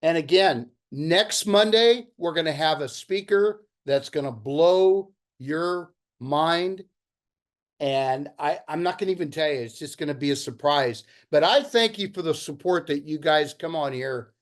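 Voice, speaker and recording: A middle-aged man hosting a video-call meeting, speaking in an enthusiastic, motivational way. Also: on the high side. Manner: enthusiastic, pep-talk delivery. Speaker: meeting host.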